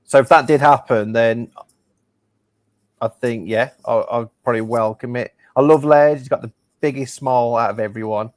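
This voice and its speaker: A man's voice: mid-range voice, fairly even intonation, moderate pace, dry recording. A man hosting a football phone-in, upbeat and opinionated. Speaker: phone-in host. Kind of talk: casual chat.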